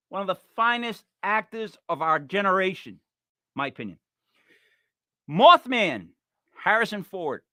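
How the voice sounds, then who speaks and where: A man's voice: a little high, pushed and bright, dry recording, studio quality. A man co-hosting a podcast in playful comedic chat, joking through a list with punchy delivery. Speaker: podcast co-host.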